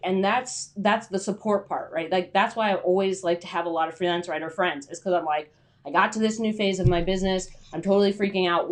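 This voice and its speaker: A young adult woman hosting a casual livestream, chatty and rambling with lots of filler words. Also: on the low side. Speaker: freelance writer hosting a livestream.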